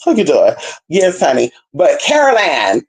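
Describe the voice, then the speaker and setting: A woman from California talking casually to her viewers as a spiritual reader, sassy and chatty, calling them baby and girl, dropping to low murmurs and jumping up to high squeals. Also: huge pitch swings, unhurried.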